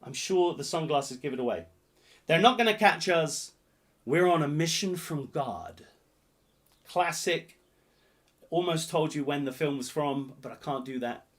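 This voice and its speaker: A man hosting a live-streamed pub quiz, jokey and rambling, swinging between loud announcements and muttered asides. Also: fairly high pitch, measured pace, long pauses. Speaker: quiz host.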